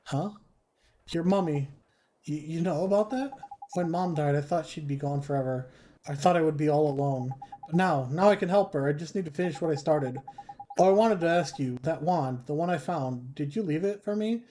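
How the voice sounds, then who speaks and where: An earnest young boy hero speaks politely and at times hesitantly, read by a man. The voice is slightly high and mellow, over faint background noise. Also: normal speed, close to an everyday voice.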